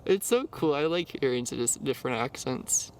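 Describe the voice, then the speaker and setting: A young man hosting a casual podcast, easygoing and quick to laugh. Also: medium pitch, animated, a little mellow, slight background noise. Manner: giggly, easygoing, agreeable. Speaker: podcast host.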